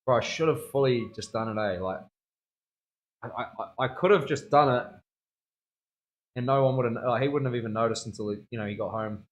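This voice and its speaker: A man's voice: mid-range voice, brisk, pauses often. A young man chatting casually in a tattoo studio while he works, laughing often and using plenty of slang. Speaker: tattoo artist streaming. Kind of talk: casual live-stream chat.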